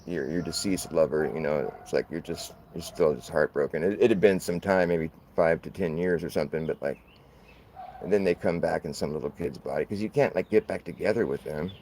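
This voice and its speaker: A man's voice: deep voice, warm tone, slight background noise, poor audio. A man talking in a loose, rambling monologue, laughing often and swearing casually as he goes. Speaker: channel host.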